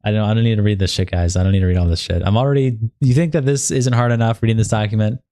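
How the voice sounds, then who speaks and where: A man's voice: lowish voice, steady tone, racing, warm tone, dry recording, studio quality. A young man livestreaming, reading a long document aloud in a casual, profane, sleepy way with bursts of hype. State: sleepy, yawning. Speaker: streamer.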